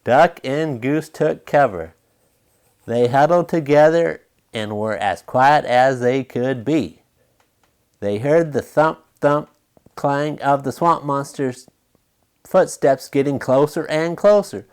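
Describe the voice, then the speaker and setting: A man's voice: mid-range voice, takes it slowly, darkish tone, clear, resonant tone. A man reading a children's storybook aloud, playful and chuckling between lines.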